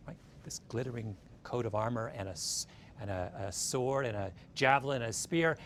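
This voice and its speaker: Man, storytelling talk, lively rising and falling pitch, animated, faint rumble behind. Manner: animated, keeps checking in with "right?". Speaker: speaker retelling a story.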